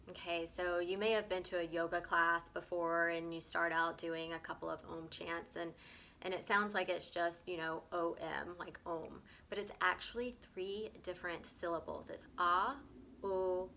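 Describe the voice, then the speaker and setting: A woman teaching a gentle breathwork lesson, often pausing to check in with "okay?" and repeating words as she explains. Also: on the low side, a little hiss or hum.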